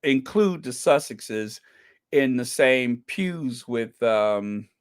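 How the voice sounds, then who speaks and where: A man's voice: medium pitch, expressive, extremely slow, clean tone, no room sound, clean studio sound. A man hosting a podcast, chatting casually and reading out viewer comments, with frequent ums and uhs and repeated phrases for emphasis. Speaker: podcast host.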